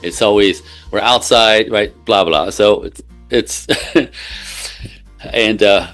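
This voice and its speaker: Emphatic low-voiced male coach. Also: slow pace, a bit bright, soft background music. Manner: emphatic, keeps checking in with "right?". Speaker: relationship coach. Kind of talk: interview guest explaining with examples.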